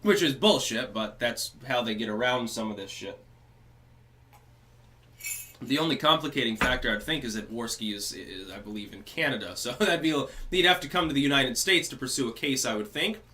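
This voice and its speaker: A man's voice: mid-range voice, animated, a little fast, bright, forceful tone. A man on a casual livestream, explaining things and thinking aloud with hedges.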